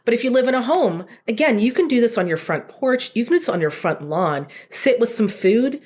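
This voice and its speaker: A woman chatting casually on a podcast as a guest, talking about dog training in an animated way with lots of fillers. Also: a little high, a little fast.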